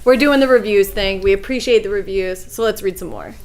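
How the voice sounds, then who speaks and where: A woman's voice: medium pitch, fairly quick, a little mellow, slight background noise. A woman co-hosting a casual podcast, playful and teasing, giggling often. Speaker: podcast co-host.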